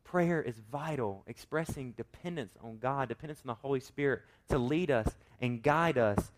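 A man preaching a sermon, swinging from loud emphatic points to quiet asides and asking his listeners rhetorical questions. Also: mid-range voice, normal speed. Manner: acts out quoted voices with rhetorical questions. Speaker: pastor.

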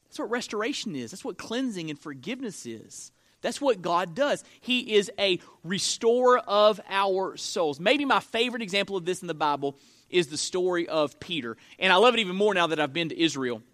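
A man's voice: high voice, animated, normal speed, a bit bright. A man preaching a sermon, telling Bible stories with earnest, dramatic emphasis. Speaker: pastor.

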